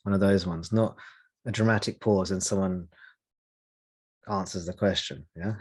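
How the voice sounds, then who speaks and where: A man leading a spiritual meeting, answering a question in a slow, reflective way with long pauses. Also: low voice, fairly even intonation, a little mellow, husky. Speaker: satsang teacher.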